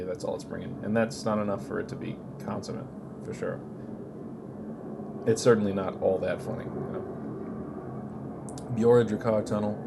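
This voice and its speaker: A man's voice: low voice, creaky, noisy background. A man giving casual, profane tier-list commentary on a game, blunt and opinionated. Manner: blunt, opinionated, swears freely. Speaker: gaming video creator ranking game locations.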